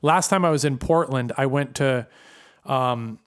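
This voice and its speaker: A man co-hosting a casual podcast chat, telling animated stories, swearing freely and often trailing off and restarting. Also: mid-range voice, measured pace, a little hiss or hum. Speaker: podcast co-host.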